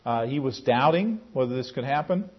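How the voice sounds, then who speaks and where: A man's voice: lively intonation, normal speed. A man teaching a Bible class in a conversational way, calling on class members by name. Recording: muffled low-fidelity recording.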